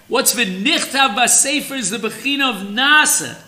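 A man giving a slow, deliberate Torah lesson on a holiday theme, speaking with an of terms. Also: very high-pitched, animated, sharp tone. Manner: slow, deliberate teaching, mixing Hebrew terms. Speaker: rabbi teaching Torah.

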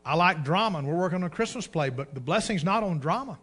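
A man preaching with a high, bright, ringing voice. He builds his points with emphasis, slows right down to read scripture aloud, then lets the ends of phrases fall quiet. The delivery is that of a pastor in the pulpit. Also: animated, slightly rough. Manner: drops to a hushed low voice at line ends. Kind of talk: sermon.

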